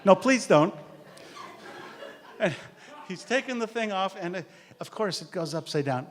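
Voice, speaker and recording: A man tells stories in a lively, animated way, jumping into the voices of the people he describes. His pitch swoops widely between phrases. A long hall reverb trails after every line. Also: moderate pace. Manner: animated, acts out quotes, laughs often. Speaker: storyteller sharing memories. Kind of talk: anecdotal storytelling.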